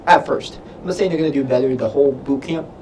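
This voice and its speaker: A man's voice: medium pitch, quick pace, darkish tone, slight background noise, rough recording. A young man, a Navy sailor, casually answering viewer questions on a livestream, rambling with lots of fillers. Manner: rambling, filler-heavy, loses his train of thought.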